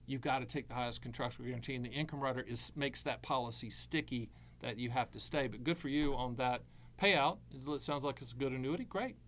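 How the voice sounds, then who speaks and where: A man's voice: mid-range voice, fairly quick, fairly bright tone. A middle-aged man hosting a live Q&A as an annuity advisor, answering viewer questions with breezy, jokey salesman patter.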